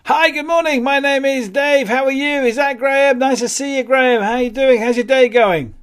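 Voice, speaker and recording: A man's voice: very high-pitched, normal speed, smooth, voice pushed up. A man voicing an over-eager salesman on a cold call, pushy and cranked up like a game-show host. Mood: overexcited.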